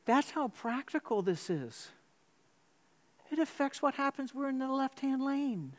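A man preaches a sermon in a church. He tells his story with animated swings, jumping suddenly up in pitch before settling back down into a steady, measured delivery. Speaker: pastor.

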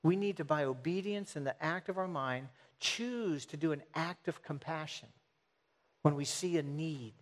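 Male preacher, earnest, repetitive emphasis, slightly high voice, some halting restarts. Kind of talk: sermon.

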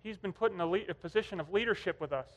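High-voiced man preaching in a reverberant hall. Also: racing, fairly bright tone. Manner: conversational storytelling. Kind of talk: sermon.

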